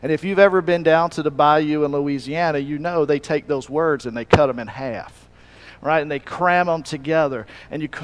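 Folksy Alabama preacher, high-ish voice. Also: male voice, clean tone. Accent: Alabama Southern. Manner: folksy, joking, loose and rambling. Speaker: pastor. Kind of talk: sermon with humor.

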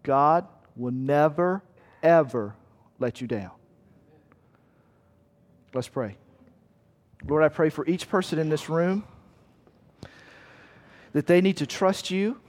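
Pastor, man, fairly high voice, earnest, emphatic, storytelling, long hall reverb. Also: takes it slowly, pauses often. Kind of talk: sermon.

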